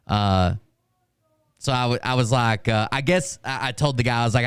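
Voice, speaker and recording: A man casually telling a story on a stream, ranting in a profane and animated way. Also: mid-range voice, moderate pace, smooth, dry recording, clean studio sound. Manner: profane, animated, full of fillers and restarts.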